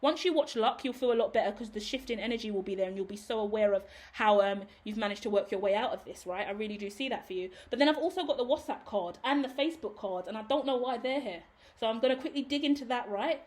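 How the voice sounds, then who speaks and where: A woman's voice: fairly high pitch, fast talker, hardly any pauses, darkish tone. A woman doing a casual tarot reading to camera. She rambles and reassures, talks straight to the viewer, swears casually and laughs at her own tangents. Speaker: tarot reader.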